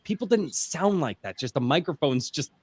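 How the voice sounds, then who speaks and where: A baritone-voiced man, an author chatting casually at a round table, enthusiastic and rambling with many restarts, speaking into a home mic run through a mixer. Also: expressive, moderate pace, breathy edge, no echo. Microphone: home mic through a mixer, bass boosted.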